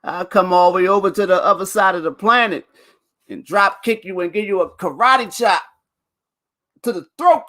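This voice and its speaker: A man's voice: sits high, brisk, sharp tone. A man hosting a casual chat show, boastful and playful, laughing often and repeating his catchphrases. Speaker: show host.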